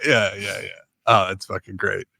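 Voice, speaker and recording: A man's voice: fairly low pitch, level tone, moderate pace, vocal fry, sharp tone, no echo, clean studio sound. A man hosting a podcast, chatting casually, swearing and agreeing readily. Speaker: podcast host.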